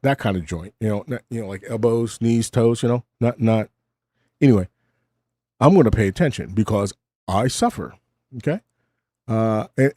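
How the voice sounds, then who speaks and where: A middle-aged man talks in a rambling, self-mocking way, and his voice swings widely in pitch. His tone is dark and mellow, and it sounds dry and close. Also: dry recording. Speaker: host. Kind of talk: casual monologue. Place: home desk.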